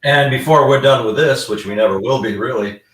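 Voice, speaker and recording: A man's voice: mid-range voice, a little fast, a bit bright, echoey room, far from the mic, low-quality recording. A man guest explaining his research in a casual live-stream chat, rambling with frequent fillers. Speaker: guest demonologist.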